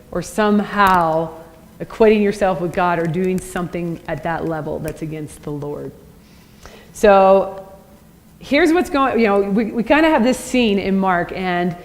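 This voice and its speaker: Casting: woman lecturer at a church, chatty, keeps asking "right?", long hall echo. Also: medium pitch. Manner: conversational, asks the audience with "right?". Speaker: Christian apologetics teacher. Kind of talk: church teaching talk.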